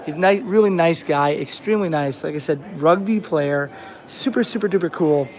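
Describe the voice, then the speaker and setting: On a rainy beach, a young American man vlogs a long travel story, his voice a little high and his pace moderate. He rambles chattily and keeps restarting, while faint outdoor ambience sits under the recording.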